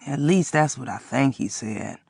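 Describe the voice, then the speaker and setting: A woman's voice: rumbling low, expressive, a little slow, gravelly, a little mellow, husky, no room sound, clean studio sound, voice pushed down, exaggerated voice. A woman voicing a tired old father who grumbles and rambles. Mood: grumbling.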